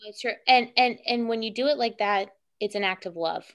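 Young woman co-host, emphatic and playful advice-giver, light higher voice. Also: fairly quick. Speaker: podcast co-host. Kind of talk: casual chat.

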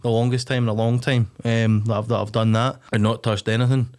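Fast-talking Scottish man, rambling. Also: mid-range voice, level tone, darkish tone. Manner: rambling with frequent restarts and swearing. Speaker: podcast guest. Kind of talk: candid casual chat.

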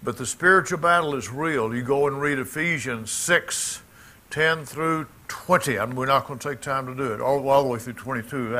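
In a church service, a middle-aged Mississippi man with a Southern accent preaches in an emphatic, folksy manner and addresses asides to the crowd. His pastor's voice is medium-pitched, pushed and bright.

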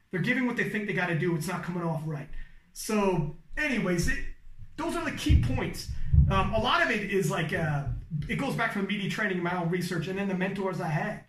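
Casual male talker, high-pitched and animated with a cussing streak, set a bit back from the mic in a roomy space. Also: distant mic. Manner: animated, swearing, demonstrates hype commentary voice. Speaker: powerlifting commentator. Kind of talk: casual podcast chat giving advice.

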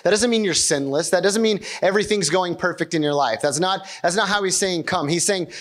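A man's voice: sits high, fairly bright tone. A pastor preaching a sermon in a conversational way, asking rhetorical questions and often checking in with his congregation.

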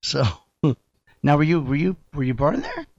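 A man from upstate New York hosting a casual interview, rambling and halting, laughing often. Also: fairly high pitch, big pitch swings, no room sound, dull audio. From Rochester, New York. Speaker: host.

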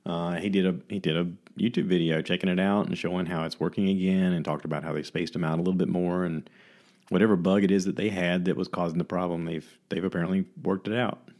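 A man with a low, deep voice chats on his own to a camera mic. He rambles loosely, with plenty of fillers and restarts, like a casual vlog host reviewing films. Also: steady tone, quick pace, darkish tone. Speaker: vlogger host. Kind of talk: casual solo talk reviewing movies.

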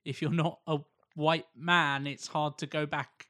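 Man, podcast guest voice, casual joking remarks, slightly high pitch. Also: flat delivery, a little slow, pushed and bright. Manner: brief joking interjections. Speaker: podcast co-host. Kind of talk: casual chat.

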